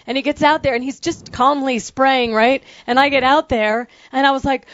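A woman chatting casually and telling a story, excitable and laughing as she goes. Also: high voice, a little fast, few pauses, dry recording, dull audio.

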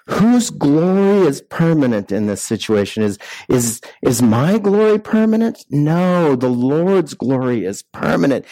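A man's voice: medium pitch, mellow, dry recording, rough recording. A man preaching a sermon in a conversational way, full of rhetorical questions and restarts. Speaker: pastor.

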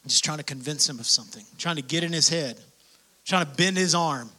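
A man delivers a sermon in a high and strikingly bright, cutting voice. He drops to near-whispers, then climbs to fervent shouts. He acts out prayers as little dialogues. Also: a little fast. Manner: swings from hushed whispers to shouted passion. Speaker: preacher.

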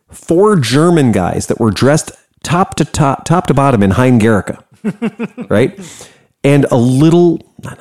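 An American man casually telling a story, animated and profane, laughing often. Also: mid-range voice. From United States.

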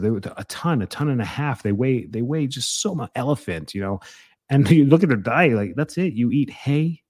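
Blunt middle-aged guy giving health tips, mid voice, gets loud and high when he scolds. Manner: blunt and animated, mimics excuses, jumps in pitch when scolding. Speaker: health doctor giving advice. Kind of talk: casual advice talk.

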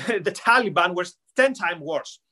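A man co-hosts a political podcast in a casual debate, insistently explaining history while stumbling over hesitant fillers. His high-pitched voice is bright and forceful, with lively intonation and an unhurried pace.

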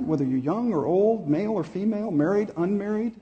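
Mellow-voiced male pastor preaching. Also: high voice, lively intonation. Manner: storytelling, pausing and repeating words. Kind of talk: sermon.

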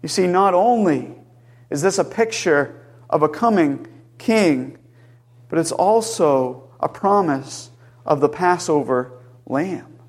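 Male pastor, sermon delivery, high tenor voice, emphatic, trails off low at phrase ends. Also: expressive, unhurried. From Maine, USA. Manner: emphatic, lifts his voice high on quoted cries.

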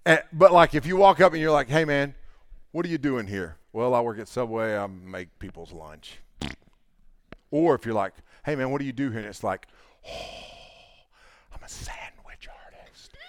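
A man's voice: mid-range voice, normal speed, no echo, clean studio sound. A man preaching a conversational sermon, acting out everyday dialogues to make his point. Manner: animated storytelling, mimics people in dialogue. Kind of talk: conversational sermon with acted-out anecdotes.

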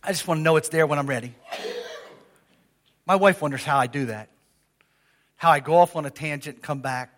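Older male pastor, high-pitched, conversational sermon with call-and-response. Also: a little fast, pauses often. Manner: lively, conversational preaching with audience call-outs.

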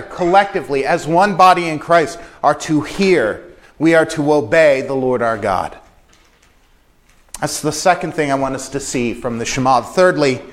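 A man preaching a sermon in an earnest, emphatic way, repeating phrases for stress. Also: fairly high pitch.

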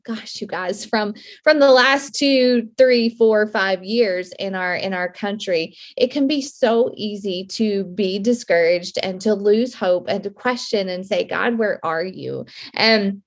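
A woman's voice: medium pitch, slow pace. A woman in her thirties hosting a devotional podcast, speaking earnestly with a slightly shaky, emotional voice. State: voice a little shaky, near tears. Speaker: podcast host.

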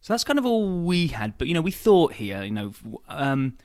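A man's voice: a little high, very animated, normal speed, dry recording, clean studio sound. Chatty man hosting a podcast. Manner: upbeat, many fillers and restarts. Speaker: podcast host. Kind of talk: casual chat.

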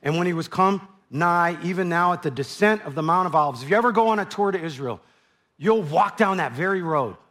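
A man's voice: sits high, animated, brisk, fairly bright tone. A man preaching a sermon verse by verse, conversational, with asides and frequent repeated words. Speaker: pastor. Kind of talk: verse-by-verse Bible teaching.

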